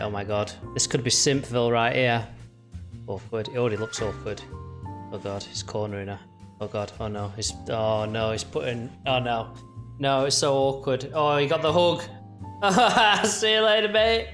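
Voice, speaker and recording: A man's voice: medium pitch, normal speed, fairly bright tone, soft background music. A young man giving chatty, mocking reaction commentary on video clips. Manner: chatty, jokey, mocking asides.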